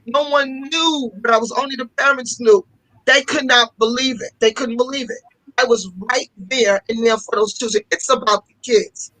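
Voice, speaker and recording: A woman's voice: a little high, steady tone, normal speed, a bit bright, no echo, poor audio. A woman who runs a fashion school, speaking as an interview guest and telling stories with passion, often repeating herself for emphasis. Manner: passionate storytelling with repetitions. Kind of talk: casual interview talk.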